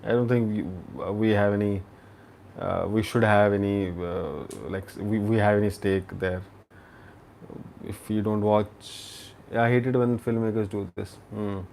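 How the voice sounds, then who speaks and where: A man's voice: fairly low pitch, steady tone, creaky, a little mellow, slight background noise. A man hosting a casual live-stream chat, musing aloud and often restarting his sentences. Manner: halting and musing, with frequent restarts. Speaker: host of a live chat show.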